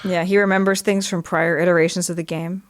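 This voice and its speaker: A young adult woman co-hosting a casual book podcast, animated and laughing as she reads quotes in playful accents. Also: fairly low pitch, fast, dry recording. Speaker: podcast co-host. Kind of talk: casual book discussion chat.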